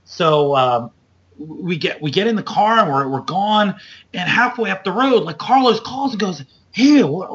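Man, podcast host, slightly high voice, lively storyteller, dull lo-fi audio. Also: normal speed. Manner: animated, loose storyteller, acts out quotes with big jumps up in pitch. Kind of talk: casual storytelling chat.

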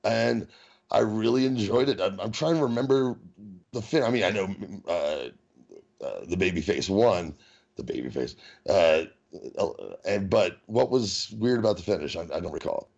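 A man co-hosting a podcast in casual chat, rambling with halting restarts and chuckling at his own jokes. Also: low voice, animated, vocal fry, darkish tone, husky. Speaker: podcast co-host. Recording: dull lo-fi recording.

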